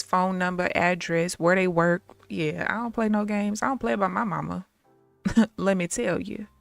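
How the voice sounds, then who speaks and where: A woman telling stories on a live stream, animated and blunt, laughing often and swearing freely. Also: medium pitch, gravelly, no echo. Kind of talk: casual storytelling on a live stream.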